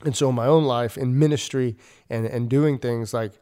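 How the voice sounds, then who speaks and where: With a steady, mellow, and clean medium-pitched voice at normal speed, a ministry leader and podcast host preaches casually. He comes across as earnest and conversational, with lots of fillers and restarts.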